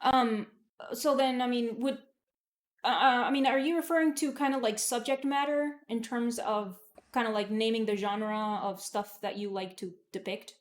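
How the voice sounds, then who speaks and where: A woman's voice: a little high, fairly even intonation, normal speed. A woman hosting an art podcast, asking her guest probing questions in a casual way. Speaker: podcast host. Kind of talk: casual interview conversation.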